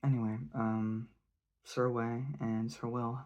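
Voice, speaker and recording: A man's voice: mid-range voice, little pitch movement, slow, a little mellow, dull audio. A man giving a rambling, hesitant spoken review of a fantasy novel. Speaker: book reviewer.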